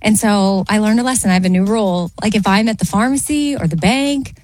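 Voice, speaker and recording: A woman's voice: a little fast, soft background music. A woman co-hosting a radio show, telling a story in casual chat and acting out other people's lines. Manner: animated storytelling, acts out voices with pitch jumps.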